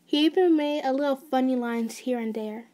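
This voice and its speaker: A woman's voice: high voice, moderate pace, dark tone. A woman narrating an ASMR fan story in a casual way, with restarts and side notes.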